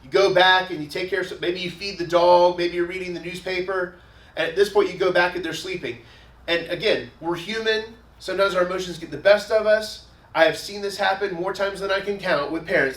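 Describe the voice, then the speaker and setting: This man preaches as a pastor in a church sanctuary, his high-sitting, slightly bright voice brisk and far from the mic in an echoey room. He keeps the tone conversational, working through ordinary situations and saying "again" over and over.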